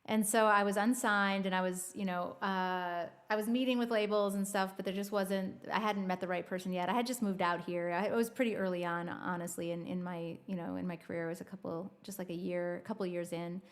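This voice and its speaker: A woman's voice: on the low side, steady tone, brisk, few pauses. Chatty woman musician being interviewed. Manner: chatty, lots of "like" and "you know". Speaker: guest musician. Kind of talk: casual interview chat.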